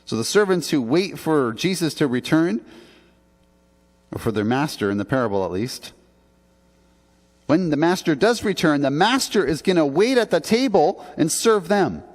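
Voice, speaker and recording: A Canadian pastor preaches a sermon in a church sanctuary, earnest and conversational, with emphatic rises on key points. His voice is a little high and expressive at a normal speed, and the recording carries long church reverb.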